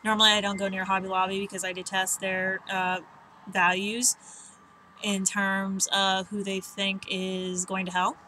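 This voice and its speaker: Chatty bright-voiced woman on a balcony. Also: mid-range voice, level tone, a little slow, slight background noise, low-quality recording. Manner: chatty, self-mocking, rambling with many fillers. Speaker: vlogger. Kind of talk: casual chat. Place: outdoor balcony.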